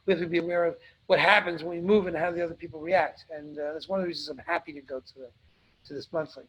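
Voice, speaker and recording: Blunt, husky-voiced man answering questions. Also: a little high, steady tone, fast talker, fairly bright tone, poor audio. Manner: blunt, emphatic, repeats points for stress. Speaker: webinar host answering audience questions. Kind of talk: live webinar Q&A.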